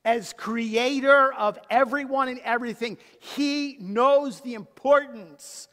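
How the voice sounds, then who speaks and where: Middle-aged pastor preaching, highish voice, big echoey church hall. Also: male voice, slow. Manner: emphatic preaching, swinging from loud to hushed. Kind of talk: sermon. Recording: long hall reverb.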